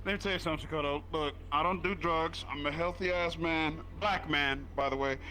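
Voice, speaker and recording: A man role-playing a brash, excitable guy who swears a lot and insists he is clean. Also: fairly high pitch, a little fast, slight background noise. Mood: insistent. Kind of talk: game role-play. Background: background music.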